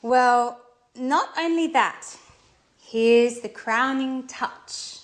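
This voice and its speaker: A woman's voice: a little high, extremely slow. An actress playing an eager, flustered young woman in love in a scripted language-course drama. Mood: nervous.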